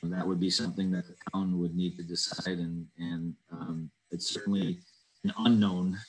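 A man's voice: low-pitched, flat delivery, moderate pace, background noise. A man chairing an online town committee meeting, reading out residents' questions and answering them carefully with many ums and uhs. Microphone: video call.

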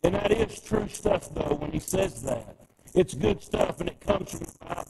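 A man's voice: sits high, animated, normal speed, gravelly, darkish tone, breathy edge. A male pastor preaching a sermon in a church, in a conversational style that repeats phrases for emphasis. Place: church sanctuary. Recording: long reverb from a church hall.

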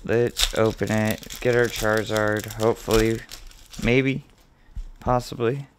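A man hosting his own video, calmly listing card names as he opens packs and getting excited at the good pulls, with the odd swear word. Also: fairly low pitch, measured pace, a little hiss or hum. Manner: relaxed, mildly profane. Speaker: host. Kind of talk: casual card-opening commentary.

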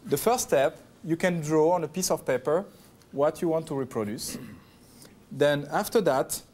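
A man's voice: on the high side, moderate pace, darkish tone, a little hiss or hum. A man in his thirties with a French accent, demonstrating chocolate work as a TV pastry chef, giving playful step-by-step instructions. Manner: chatty, joking, step-by-step instructions. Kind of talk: cooking demonstration. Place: TV kitchen studio.

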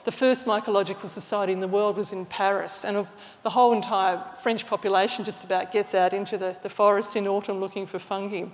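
A woman's voice: mid-range voice, fairly even intonation, fast. A woman giving an enthusiastic, explanatory illustrated lecture, restarting phrases now and then. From Australia. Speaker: mycologist giving a talk. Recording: long hall reverb.

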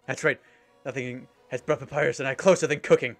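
Brash female fish warrior captain, read by a man, mid-pitched, blunt, faint game music under it. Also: lively intonation, normal speed. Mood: fired up. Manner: loud, boastful, blunt. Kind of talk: reading game dialogue aloud.

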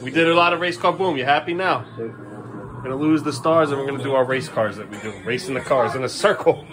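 A man's voice: mid-range voice, fast, over music. A man filming a casual family vlog at home, talking patiently and playfully to his young sons and coaxing them along. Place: at home, indoors. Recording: home video with clear background noise.

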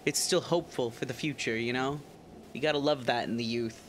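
A man's voice: medium pitch, brisk, slight background noise. A man streaming a game, joking, swearing and laughing often in casual commentary. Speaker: gaming streamer.

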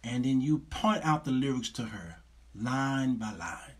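A man's voice: mid-range voice, a little slow, husky. A male show host, lecturing viewers in casual livestream talk and laughing often.

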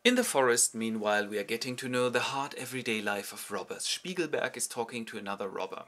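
A man's voice: medium pitch, fairly quick, few pauses, sharp tone. A man narrating a comic summary of a classic play, with wry ironic asides. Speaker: host and narrator.

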